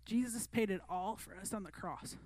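A woman's voice: mid-range voice, moderate pace, a little mellow, no echo. A woman preaching a sermon to a youth group in an earnest, conversational way. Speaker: youth pastor.

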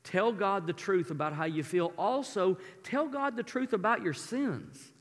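A man preaching a sermon with impassioned rises and soft, intimate drops. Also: sits high, animated, unhurried. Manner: impassioned, rising to near shouting then dropping to a soft intimate tone. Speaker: pastor. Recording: long hall reverb, preaching in a large room.

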